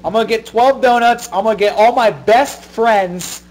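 A man's voice: high-pitched, moderate pace, darkish tone, rough recording. A man co-hosting a podcast, chatting casually with crude jokes and mock-preachy outbursts. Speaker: podcast co-host. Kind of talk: casual banter.

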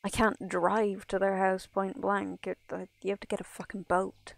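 A woman's voice: medium pitch, level tone, moderate pace, creaky, no room sound. A woman from Ireland streaming a game, chatting casually in a rambling way full of asides. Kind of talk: casual chat while gaming.

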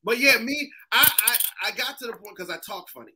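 A man from Massachusetts, a comedian guest in casual chat, telling animated stories and acting out other people's voices. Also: very high voice, brisk, noisy background.

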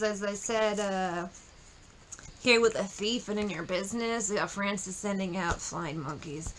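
A woman's voice: mid-range voice, normal speed, a bit bright, a little hiss or hum, rough recording. A woman giving a casual tarot reading, blunt and profane, mocking the people in her cards and sometimes singing snatches of songs. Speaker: tarot reader.

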